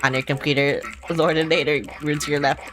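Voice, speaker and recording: A woman's voice: sits low, flat delivery, fairly quick, noisy background, lightly acted. A woman voicing a strict office boss who scolds a new worker in clipped orders during a game stream. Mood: scolding.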